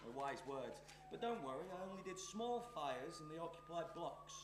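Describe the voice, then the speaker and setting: A man's voice: on the high side, very animated, normal speed, reverberant, noisy background. An actor playing a menacing, scheming male arsonist on stage, taunting and sneering. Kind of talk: stage play performance.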